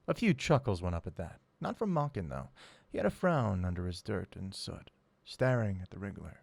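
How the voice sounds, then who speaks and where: A man's voice: on the low side, animated, moderate pace, gravelly, darkish tone, dry recording. A man reading a first-person audiobook with wry, sardonic storytelling. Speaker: audiobook narrator.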